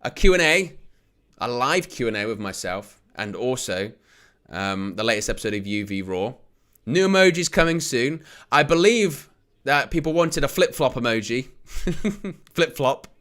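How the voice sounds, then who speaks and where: At a measured pace and in a medium-pitched voice, a man runs a live football watch-along. His play-by-play is excitable, broken up by jokey banter with viewers, frequent laughter, and shouts whenever there's a near-miss.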